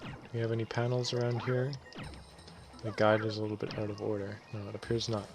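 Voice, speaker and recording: A let's play host with a fairly low, brisk voice chats casually over a video game while music plays behind him. He's relaxed and rambling, often correcting himself as he goes.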